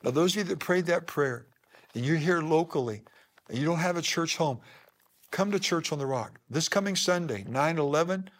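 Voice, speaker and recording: Emphatic preaching man, slightly high voice. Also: animated, moderate pace. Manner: emphatic preaching cadence with repeated phrases. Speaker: pastor. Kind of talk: sermon. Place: church with a live congregation.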